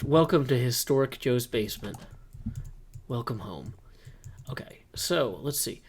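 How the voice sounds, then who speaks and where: A man with a mid-range voice and measured pace hosts his own video, rambling casually over Minecraft gameplay and cracking self-deprecating jokes. He sounds excited and upbeat, like he's giving an office tour, and there's a little hiss or hum on the recording.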